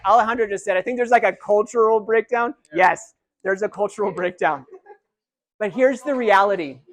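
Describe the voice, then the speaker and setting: A man giving a live motivational keynote, energetic and interactive, calling out to a big audience in a large hall. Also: sits high. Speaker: keynote speaker.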